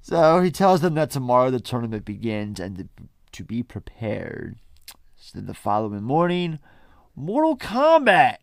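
Dude summarizing a movie on a podcast, gravelly, pretty dry mic sound. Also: male voice, lowish voice, normal speed, no echo. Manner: laid-back, wry, recapping. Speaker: podcast co-host. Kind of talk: casual plot recap.

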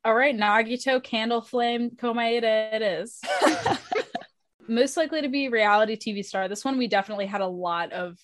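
A woman's voice: a little high, normal speed, dry recording. Chatty woman hosting a podcast. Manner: chatty, laughs easily. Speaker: podcast host. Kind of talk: casual podcast chat.

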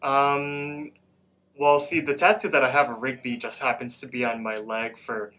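A young man with a bright, forceful voice, talking casually as a podcast co-host. He recaps scenes in a loose, rambling way, leaning on "like" and "um" as he goes. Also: medium pitch, flat delivery, moderate pace. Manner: loose, rambling retelling full of "like" and "um". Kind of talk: casual episode recap chat.

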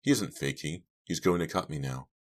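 Man doing a screaming teen girl, terrified, panicky, pitched up from a very deep voice, audiobook. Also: animated, moderate pace. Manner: screaming in terror.

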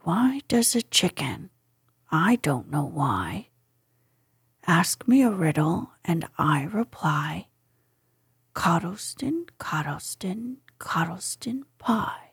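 A woman voicing a kindly, simple male teddy bear in a storybook, with gentle, soft, half-whispered singing. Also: on the low side, very animated, very slow, slightly rough, no room sound, clean studio sound, pitched below the performer's own voice, full character voice.

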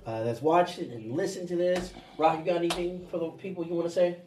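A man's voice: high-pitched, fairly even intonation, quick pace, darkish tone, a little hiss or hum. A man hosting a podcast, upbeat and laughing, hyping up his listeners. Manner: upbeat, laughing, hypes up the audience. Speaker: podcast host. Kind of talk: casual podcast chat and sign-off.

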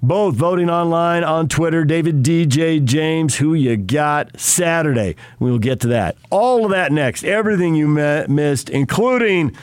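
A man hosting sports radio, thanking a guest, reading a sponsor line and teasing the next segment in brisk announcer style. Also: a little high, smooth, no echo, clean studio sound. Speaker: radio host. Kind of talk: segment tease and sponsor read. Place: radio studio.

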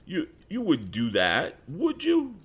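A man's voice: medium pitch, sing-song, normal speed, a bit bright, pitched above the performer's own voice. A man voicing a sneaky teenage boy bully who whines and pleads. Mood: whining. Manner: whiny, pleading, shaky.

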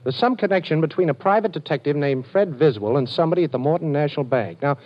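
An actor playing a cool, wisecracking male detective in a 1940s radio drama, wry and quick with a joke. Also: on the high side, lively intonation. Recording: dull old radio recording.

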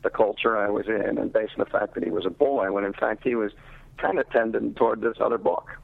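Gravelly-voiced researcher, measured and explanatory, heard over a tinny phone line. Low male voice. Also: steady tone, no room sound. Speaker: literacy researcher and teacher.

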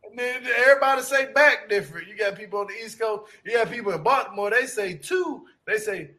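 A man's voice: high voice, animated, brisk, sharp tone. A man from Louisiana with a Shreveport accent, chatting casually, laughing often and swearing freely. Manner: laughs often, loose and profane. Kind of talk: casual chat.

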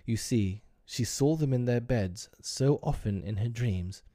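A man narrating a storybook in an expressive, wry way. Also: medium pitch, unhurried, no echo, studio quality.

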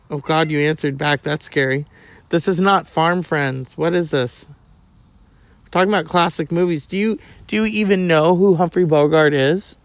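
Gravelly, profane middle-aged podcast host. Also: male voice, on the high side, no room sound. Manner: profane, joking, chatting to his cat. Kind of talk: casual rambling monologue.

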